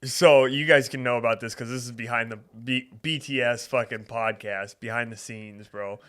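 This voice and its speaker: A man's voice: medium pitch, fairly even intonation, moderate pace, fairly bright tone. A man co-hosting a podcast, telling stories in casual chat with laughs and swearing, in a small studio. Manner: laughing storyteller, swears a lot. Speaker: podcast co-host.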